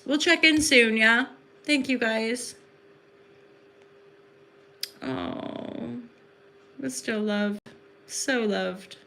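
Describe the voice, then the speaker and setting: A woman's voice: fairly high pitch, expressive, very slow, creaky, pauses often, bright, forceful tone, a little hiss or hum. A woman hosting a casual livestream into her phone at home in the evening, rambling and effusive, with lots of fillers. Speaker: livestream host and spiritual reader.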